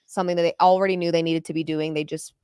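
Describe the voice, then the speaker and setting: A woman's voice: low voice, level tone, racing, mellow, clear, resonant tone, dry recording, clean studio sound. Blunt woman talking sports bets. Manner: blunt and outspoken. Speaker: podcast co-host, betting analyst. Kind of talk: casual sports chat.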